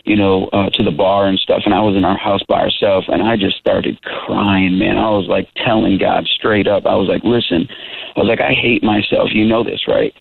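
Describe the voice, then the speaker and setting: A man's voice: fairly low pitch, fairly even intonation, moderate pace, creaky, breathy edge. A man in his thirties giving an earnest, emphatic testimony as an interview guest, talking casually. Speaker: interview guest, Christian rapper. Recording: tinny phone-like line, dry.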